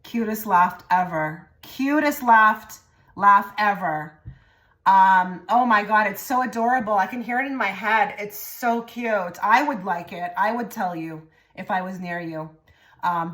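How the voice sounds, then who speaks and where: Woman reading tarot cards for an audience, loose and repetitive, drifting to soft murmurs. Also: mid-range voice, moderate pace. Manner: rambling and repetitive, often trailing into soft murmured phrases. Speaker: tarot reader. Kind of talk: pick-a-card tarot reading.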